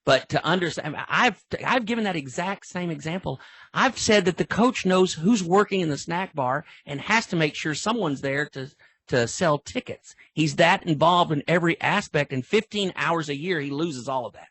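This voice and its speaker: Sideline exchanges come to life as this middle-aged veteran referee acts them out in a casual podcast interview. His pitch is fairly high and his pace moderate, with no room sound, and he tells his stories with animation.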